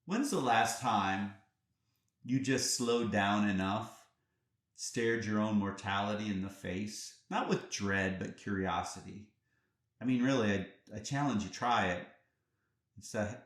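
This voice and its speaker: A man's voice: lowish voice, a little slow. A man hosting a reflective solo podcast, talking earnestly and conversationally, often restarting phrases and asking the listener rhetorical questions. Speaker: podcast host. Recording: roomy echo.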